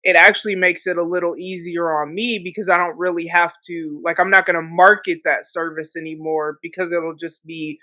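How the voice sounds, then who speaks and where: Woman host, bright voice, casual reflective chat, dry sound. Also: on the low side, level tone, a little fast, hardly any pauses, no echo. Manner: thoughtful, reflective, with frequent filler phrases. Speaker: podcast host.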